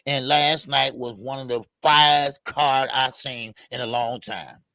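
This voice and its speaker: Hyped-up man shouting out stream viewers. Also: medium pitch, steady tone, unhurried, no room sound. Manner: hypes up, shouts out viewers by name. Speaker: co-host of a boxing talk stream. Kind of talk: casual live-stream chat.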